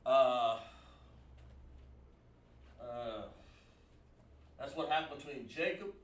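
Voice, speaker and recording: A man's voice: medium pitch, lively intonation, extremely slow, slight background noise. A man teaching a class at a board, explaining word by word with many fillers and repetitions. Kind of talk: classroom lesson. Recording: echoey room from far off.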